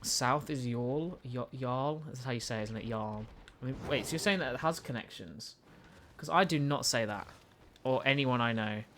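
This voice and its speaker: A man's voice: mid-range voice, fairly quick, hardly any pauses, a bit bright, a little hiss or hum. Rambling young British man streaming. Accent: British English. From United Kingdom. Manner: rambling, stumbling restarts, reads and answers chat. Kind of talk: casual live-stream chat while gaming.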